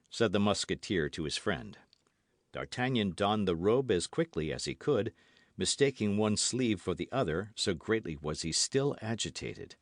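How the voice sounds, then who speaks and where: Expressive male audiobook narrator. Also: fairly low pitch, moderate pace, no echo, clean studio sound. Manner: expressive, animated reading. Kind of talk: scripted narration.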